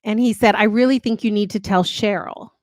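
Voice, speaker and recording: A woman's voice: medium pitch, fairly even intonation, a little fast, no room sound. Earnest woman telling a long story. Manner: earnest, rambling, with many restarts. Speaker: podcast co-host. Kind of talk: casual storytelling chat.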